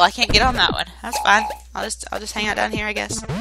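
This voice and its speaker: A young woman hosting let's-play commentary, excitable and swearing at the game as she plays. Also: medium pitch, normal speed, low-quality recording. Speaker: gaming channel host. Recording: game music loud behind. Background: game music.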